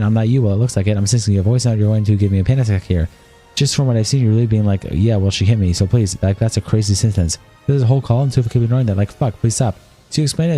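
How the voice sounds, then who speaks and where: Fast-reading man with a dark voice. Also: fairly low pitch. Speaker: streamer. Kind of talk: reading text messages aloud on a livestream.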